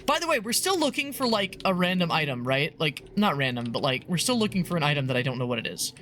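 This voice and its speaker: A woman's voice: low-pitched, very animated, quick pace, fairly bright tone, a little hiss or hum. A woman streaming a game, reading its eerie text aloud and chatting casually, laughing often and swearing now and then.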